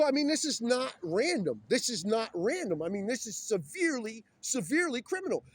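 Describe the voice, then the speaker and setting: A man's voice: high-pitched, slight background noise. A man talking in an agitated, urgent and rambling way while filming himself on his phone outdoors beside a busy road. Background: passing vehicles.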